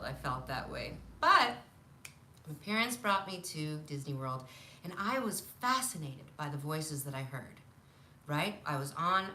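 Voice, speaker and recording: A woman in her fifties telling stories from her childhood on a live stream, animated, laughing often and acting out what people said. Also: lowish voice, slight background noise. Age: 50s. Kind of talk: casual storytelling on a live stream. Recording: roomy echo.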